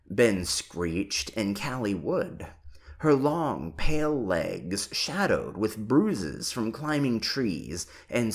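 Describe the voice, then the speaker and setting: Audiobook reader, slow and deliberate, very lively, expressive pitch, unhurried narration.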